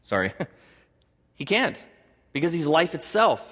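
A middle-aged man preaching a sermon to a congregation as pastor, animated, joking and acting out little dialogues. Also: a little slow, long reverb tail. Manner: animated, acts out dialogue with God in a higher voice; jokes and laughs with the congregation.

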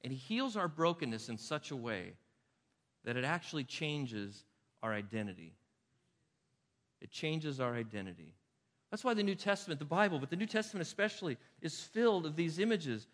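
Male pastor, sermon, emphatic loud-to-hushed delivery, bright edge, reverberant hall. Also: fairly high pitch, big pitch swings, moderate pace. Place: church sanctuary.

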